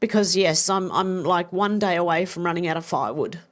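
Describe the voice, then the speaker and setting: A woman's voice: fairly low pitch, a little fast. A middle-aged Australian woman hosting a casual live stream, reading viewer comments aloud with effusive, chatty thanks and a slightly congested voice. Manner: chatty, effusive, warm thanks, many restarts. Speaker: livestream host.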